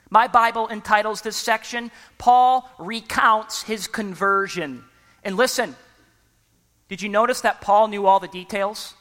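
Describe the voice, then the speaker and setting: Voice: mid-range voice, pushed and bright. Emphatic preacher in a reverberant hall. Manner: emphatic, asks the congregation to fill in words; repeatedly urges listeners to listen. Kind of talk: sermon.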